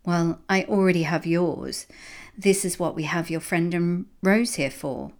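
A woman's voice: fairly low pitch, unhurried. A woman voicing a gloating storybook villain. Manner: taunting, sing-song teasing. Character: sly mocking male villain, cold and gloating.

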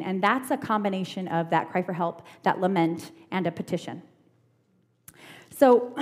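A woman leading a Bible study, reading a psalm aloud, then explaining it in a relaxed, chatty way with frequent "um"s, into a microphone. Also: medium pitch. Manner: reads scripture slowly, then explains in relaxed chatty asides with many "um"s. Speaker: Bible teacher. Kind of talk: church Bible study teaching. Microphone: handheld or stand microphone.

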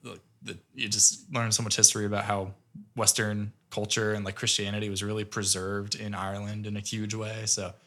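Bright-voiced rambling podcast co-host, a man. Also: fairly low pitch, level tone, a little fast. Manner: enthusiastic, rambling, lots of filler words. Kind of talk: casual podcast chat.

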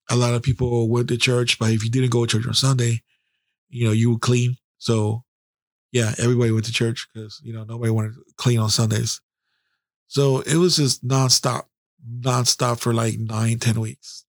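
Middle-aged male podcast host, gravelly and blunt, swearing freely through a candid story. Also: medium pitch, no room sound, clean studio sound. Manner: blunt and heavily profane.

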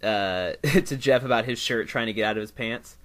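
A man's voice: fairly low pitch, normal speed, fairly bright tone. A man co-hosting a casual podcast, joking and laughing a lot as he chimes in. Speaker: podcast co-host. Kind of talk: casual rewatch chat.

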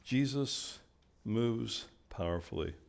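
An older male pastor preaching a sermon, telling a story and acting out the quoted lines with lively, animated delivery. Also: mid-range voice, slow, gravelly.

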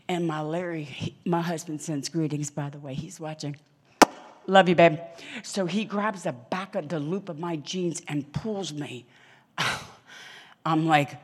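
A middle-aged woman preaching to a church congregation, telling stories dramatically and acting out the voices of people she quotes, dropping to whispers and rising to loud exclamations. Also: low voice, moderate pace. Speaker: guest preacher. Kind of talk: animated sermon with storytelling. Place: church hall in front of a congregation.

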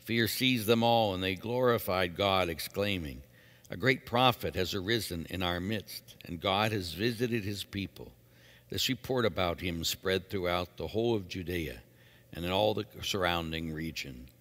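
A man, a priest, giving measured liturgical readings and an earnest homily in a church. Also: deep voice, fairly bright tone, in a large hall. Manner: measured, solemn reading, then earnest preaching.

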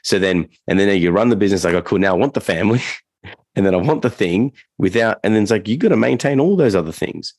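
Deep gravelly man chatting on a podcast. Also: animated, fast, a little mellow, dry recording. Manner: rambling, loose delivery with many fillers and restarts. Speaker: podcast co-host and dog trainer. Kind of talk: casual podcast chat.

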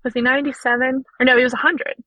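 Bright, chatty young woman. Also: high-pitched, flat delivery, very fast, dry recording, poor audio. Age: young adult. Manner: chatty, many fillers like "like" and "you know". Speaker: podcast guest, physiotherapist and through hiker. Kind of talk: casual storytelling.

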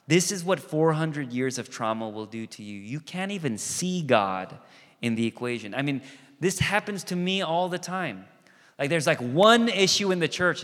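Male pastor, slightly high voice, lively sermon with acted asides, big reverberant church room. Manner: animated, acts out quoted voices and asides. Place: church sanctuary. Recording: long reverb of a church hall.

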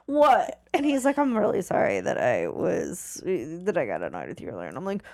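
A woman's voice: lowish voice, very animated, normal speed, gravelly, a little mellow. A woman in her forties telling a funny family story in casual chat, laughing often and acting out her parents in quoted voices.

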